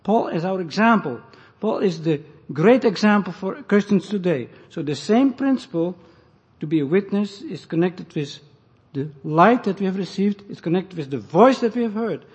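A man preaches in short, deliberate phrases, leaning hard on key words. His voice sits a little high, mellow and somewhat husky. It rings in a large hall with a long reverb tail, and the recording sounds dull. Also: lively intonation. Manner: measured, emphatic, pausing between phrases. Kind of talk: sermon.

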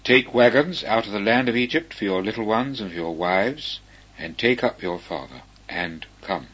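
A man reading scripture, voicing Pharaoh as a commanding, generous king in a measured tone. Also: fairly low pitch, lively intonation, fairly bright tone, slightly rough. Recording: dull lo-fi recording.

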